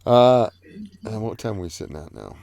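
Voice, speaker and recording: A man's voice: fairly low pitch, sing-song, normal speed, vocal fry, a little mellow. A man hosting a live online panel in casual chat, rambling with fillers and easy laughs. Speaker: livestream host.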